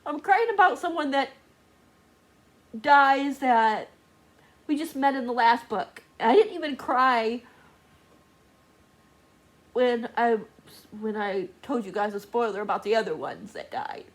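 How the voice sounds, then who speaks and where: A woman's voice: a little high, unhurried, long pauses. A woman book vlogger talking casually and emotionally, crying and laughing through tears as she talks to the camera. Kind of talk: casual reading vlog.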